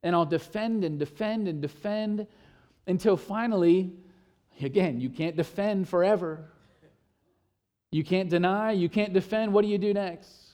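A pastor preaching a sermon, stacking phrases in repeated lists and dropping to a hush when quoting scripture. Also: male voice, high-pitched, measured pace. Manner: repeats words and builds emphasis in lists.

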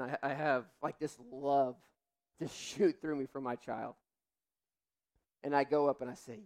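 A man's voice: mid-range voice, steady tone, moderate pace, pauses often, a little mellow. A young adult man, a pastor, preaching a sermon in a candid, conversational way through personal stories.

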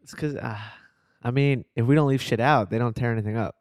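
A man's voice: medium pitch, brisk, smooth, dry recording, studio quality. A man co-hosting a podcast who jokes bluntly and crudely with his friends. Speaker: podcast co-host. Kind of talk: casual chat.

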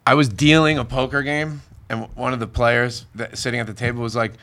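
Poker dealer guest, male, bright and tense tone, casual, swears a lot. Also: medium pitch, level tone, a little fast. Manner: loose storytelling with frequent cursing. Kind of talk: casual podcast chat.

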